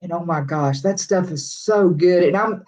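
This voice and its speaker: A woman's voice: lowish voice, normal speed, warm tone, rough recording. A middle-aged woman with a Texas accent chatting casually with live viewers, rambling from one thought to the next. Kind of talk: casual live-stream chat.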